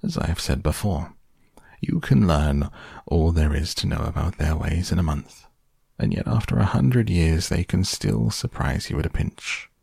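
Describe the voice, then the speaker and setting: A man voicing a stern, wise old wizard, speaking gravely and measuredly in an audiobook. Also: a bass voice, lively intonation, moderate pace, darkish tone, dry recording, studio quality, heavily acted. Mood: amused. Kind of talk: audiobook character voice.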